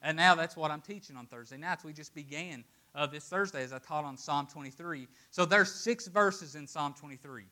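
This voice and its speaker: A man preaching a sermon to a congregation, swinging between loud, emphatic declarations and hushed, quiet asides. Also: on the high side, moderate pace, hardly any pauses.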